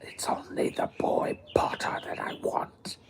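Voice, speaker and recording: A man voicing a cruel, menacing dark wizard in a slow hissing whisper, a whispered role-play. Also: lightly acted.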